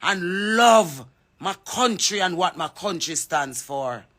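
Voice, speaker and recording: A woman's voice: on the low side, expressive, takes it slowly, a bit bright. A Jamaican woman giving an impassioned address to her audience, calling people out by name and mixing patois into her English. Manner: fervent, calls out names, mixes patois with English. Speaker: reggae artist speaking out. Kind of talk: impassioned social media address.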